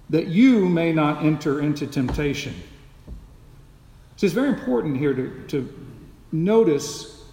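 Emphatic preacher in an echoey hall. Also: male voice, on the high side, big pitch swings, unhurried, long pauses, mellow. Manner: emphatic, repeats key phrases for stress. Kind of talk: expository sermon. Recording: echoey hall with long reverb.

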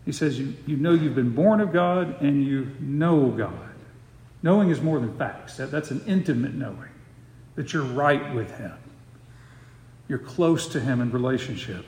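A man's voice: mid-range voice, expressive, a little mellow. Man preaching in an echoey hall. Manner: slows to stress key phrases, repeats words. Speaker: pastor. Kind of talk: expository sermon. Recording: roomy hall reverb.

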